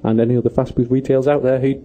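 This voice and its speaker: A man's voice: mid-range voice, level tone, rapid-fire, dark tone. A young British man co-hosting a student radio show in casual banter, often stammering and laughing. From Britain. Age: young adult. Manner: giggly, stammering, jokey. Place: radio studio.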